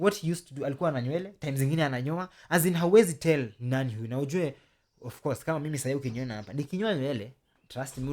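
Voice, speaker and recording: A Kenyan man hosts his own storytelling channel, recounting events to viewers in a lively, casual manner. His voice sits at an ordinary, mid-range pitch, and he keeps turning to talk directly to the listener. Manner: animated, chatty, addresses the audience directly.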